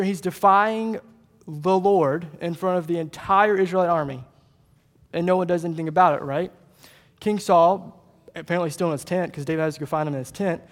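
A man preaching a sermon, retelling a Bible story in lively casual paraphrase and voicing its characters. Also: sits high. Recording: long hall reverb.

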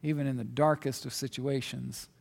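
A man's voice: mid-range voice, fairly even intonation, normal speed, creaky. Conversational male preacher in a reverberant hall. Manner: conversational, swings between loud emphatic asides and quiet reflection. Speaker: pastor. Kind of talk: sermon.

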